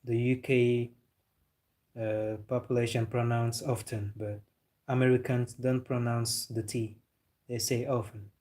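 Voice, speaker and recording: Young guy on his livestream, flat-ish voice, chatty, laughs a lot answering chat. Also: medium pitch, a little slow. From Senegal. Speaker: football livestream host.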